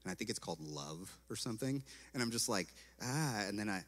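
Low-voiced Californian man in a reverberant hall. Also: brisk. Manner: animated, acts out his own past words, fills speech with "like". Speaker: speaker giving a personal testimony. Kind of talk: storytelling testimony talk.

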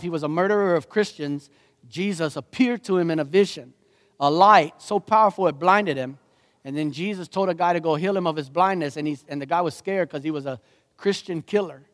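A man preaching a sermon as a pastor, animated and joking, slipping into playful voices. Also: a little high, long reverb tail.

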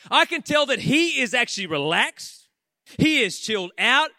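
A man preaching a sermon in church, animated and conversational, acting out the voices of the people he talks about. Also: extremely high pitch, moderate pace, dry recording, studio quality.

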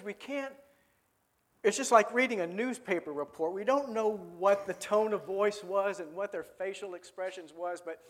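High-voiced preacher chatting with his audience. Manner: conversational, asks the audience questions, repeats words. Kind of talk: sermon.

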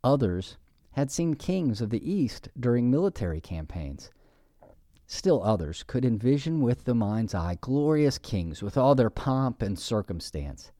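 A man preaching a sermon, measured and emphatic, slowing down to stress key phrases. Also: medium pitch, sing-song, dark tone, no echo, studio quality. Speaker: pastor.

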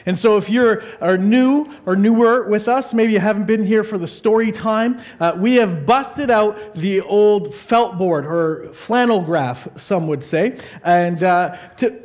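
A man's voice: high voice, darkish tone. A male pastor giving a casual, jokey sermon, rambling with many fillers.

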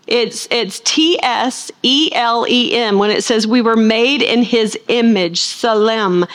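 A woman preaching a sermon as a Bible teacher, putting questions to the listeners and answering them herself, slowing down to stress key words. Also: on the high side, a bit bright.

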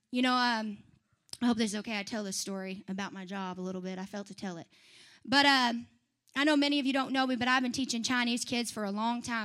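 A woman giving a personal testimony to a church congregation, chatty and lively, laughing often and talking back to the crowd. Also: a little high.

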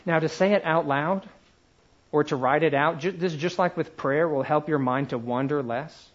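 A man teaching a class in a conversational lecture style, slowing down to stress single words. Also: a little high, highs cut off. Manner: conversational, slows to emphasize words one at a time.

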